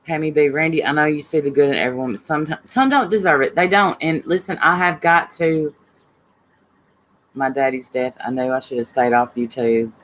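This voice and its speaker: A woman's voice: low voice, normal speed, fairly bright tone, a little hiss or hum, poor audio. A woman hosting a casual livestream, greeting viewers by name and talking bluntly and heatedly about online drama. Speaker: livestream host reading chat.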